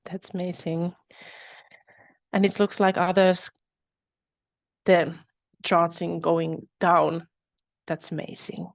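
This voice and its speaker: A woman leads a guided tapping exercise in unhurried, repetitive phrases, her voice sitting a little low. The sound is close and dry, with the muffled, lo-fi quality of a video call. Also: gravelly, dry recording. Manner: slow, calm, repetitive phrasing. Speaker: webinar host leading a tapping exercise. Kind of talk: guided repeat-after-me instruction.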